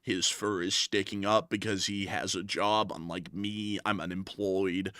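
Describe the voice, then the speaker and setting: Guy putting on a sulky little fly, mopey, low mumbly moan, feels sorry for himself. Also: steady tone, a little slow, sharp tone, clear, resonant tone, no echo, clean studio sound. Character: glum unemployed male fly, sulky and self-pitying.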